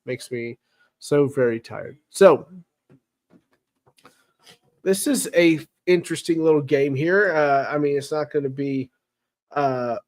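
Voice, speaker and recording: A man hosting a casual live-stream football recap, chatty and wry, teasing his chat with sarcasm. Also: a little high. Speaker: sports show host.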